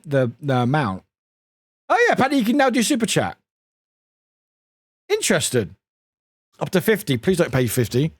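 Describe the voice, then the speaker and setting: British male streamer, high animated voice, casual and sweary. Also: no room sound, studio quality. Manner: chatty, swears a lot, laughs often. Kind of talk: casual live-stream chat.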